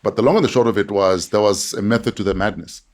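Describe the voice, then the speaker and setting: A man speaking in a measured, questioning way in casual podcast chat. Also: fairly low pitch, darkish tone.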